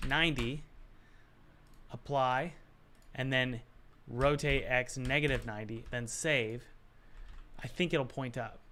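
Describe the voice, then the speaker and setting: Male game dev, mid-pitch, muttering self-talk while working, confused asides. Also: a bit bright. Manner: muttering to himself, puzzled, self-talk with sighs. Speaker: game developer. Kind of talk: thinking aloud while working.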